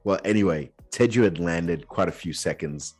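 Low, husky-voiced man telling a story. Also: normal speed, darkish tone, soft background music. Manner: earnest, reflective, slips into casual slang. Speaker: podcast host. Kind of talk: personal storytelling.

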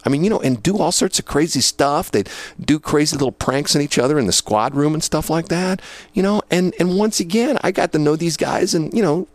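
A man's voice: on the high side, no room sound. A man and former police dispatcher telling old work stories in a rambling, casual way, full of fillers and laughter. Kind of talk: casual storytelling.

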